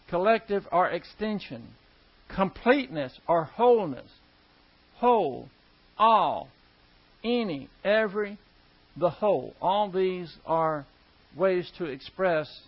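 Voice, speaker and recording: A male preacher teaching verse by verse in a conversational, emphatic way, repeating key words for stress. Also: high-pitched. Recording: dull lo-fi recording.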